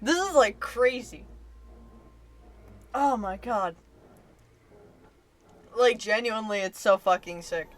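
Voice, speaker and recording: A woman streamer reacting live, excitable, casual and swearing freely as she shouts and laughs. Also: on the high side, slow, long pauses.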